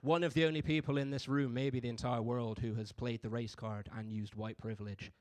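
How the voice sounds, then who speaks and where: Delivering a stand-up set, this young man from Bristol, England, has a mid-range, darkish voice with a steady tone and slightly quick pace. He keeps it relaxed and conversational, frequently dropping "you know what I mean."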